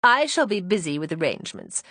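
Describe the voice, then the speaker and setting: A woman's voice: on the low side, wildly swooping pitch, brisk, a bit bright, no echo, full character voice. A woman reader voicing an older society lady who speaks formally and earnestly, entreating a favour in a storybook reading. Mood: earnest pleading.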